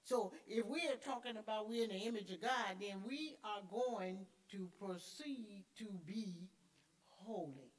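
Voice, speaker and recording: A middle-aged woman with a medium-pitched, animated voice teaches a church Sunday school class at a measured pace. She's emphatic and conversational, repeating key words and answering herself with small affirmations in a call-and-response style.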